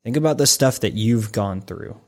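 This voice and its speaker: A man's voice: fairly low pitch, moderate pace. A man co-hosting a faith podcast who asks probing questions and talks earnestly to the listener in the second person. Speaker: co-host of a discipleship podcast. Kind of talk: reflective faith discussion.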